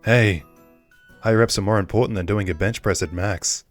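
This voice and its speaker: A man's voice: fairly low pitch, normal speed, soft background music, close to an everyday voice. A man voicing a tough, boastful female bodyguard in a horror game. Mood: brash.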